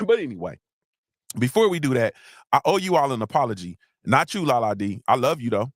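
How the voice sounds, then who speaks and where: Animated, profane podcast host man. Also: mid-range voice, brisk, no echo, studio quality. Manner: animated, profane, rambling with restarts. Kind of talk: casual solo podcast talk.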